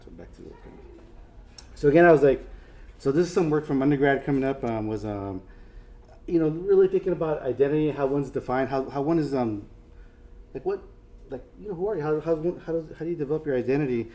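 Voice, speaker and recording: A man's voice: a little high, lively intonation, quick pace, mellow. A man giving a casual artist talk, rambling and self-deprecating, with many fillers and restarts. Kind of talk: casual lecture.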